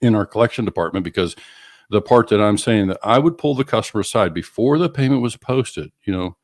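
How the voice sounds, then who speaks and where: A man's voice: lowish voice, animated, fairly quick, dry recording, clean studio sound. A middle-aged man co-hosting a business podcast, explaining with examples and acting out customer conversations. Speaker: co-host, auto finance coach.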